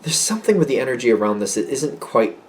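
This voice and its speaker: Male tarot reader, mid pitch, chatty and excitable, rambles and self-corrects. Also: quick pace. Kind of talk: casual tarot reading.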